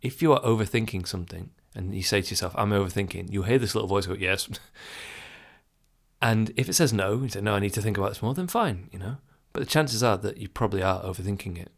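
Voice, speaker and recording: Guy chatting advice, kinda low and raspy-fry voice, laid back. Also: fast. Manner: conversational, reflective, chuckles often, acts out inner thoughts. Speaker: self-help speaker. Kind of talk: casual advice talk to the listener.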